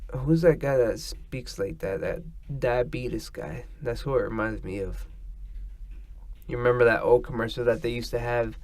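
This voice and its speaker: A man's voice: medium pitch, normal speed, a little mellow. A man hosting a casual solo podcast, rambling and swearing as he drifts between thoughts. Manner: rambling, profane, meandering. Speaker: podcast host.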